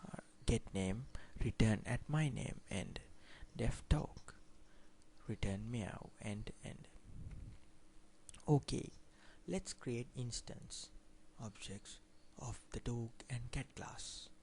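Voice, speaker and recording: A man talks through a coding tutorial at an unhurried, deliberate pace, reading each line of code aloud. His voice has a gravelly, creaky edge, and a faint hiss sits under it. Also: medium pitch, a little mellow. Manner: reads code aloud line by line, plainly explaining. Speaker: programming instructor. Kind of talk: screen-recorded coding tutorial.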